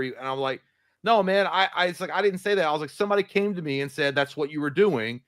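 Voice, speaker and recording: A man's voice: fairly high pitch, expressive, fast talker, fairly bright tone, no room sound. A man co-hosting a casual chat, telling stories animatedly and acting out the other people's lines, swearing freely. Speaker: podcast co-host.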